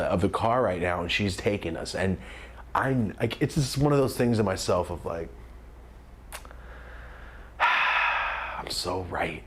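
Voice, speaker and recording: A young man telling a comedic story time, animated and acting out the voices of the people in it. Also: fairly low pitch. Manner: animated, acts out quoted voices.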